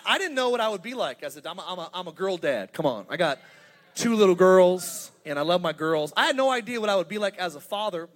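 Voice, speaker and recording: A man in his thirties preaching a sermon as pastor, energetic and humorous, building to emphatic points. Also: high-pitched. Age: 30s.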